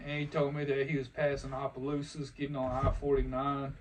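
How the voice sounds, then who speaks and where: A man's voice: medium pitch, completely flat delivery, brisk. A young man, telling profane, laughing stories in a casual podcast chat. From Louisiana, US. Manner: laid-back, profane, laughing storyteller. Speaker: podcast host. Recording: distant mic with faint noise.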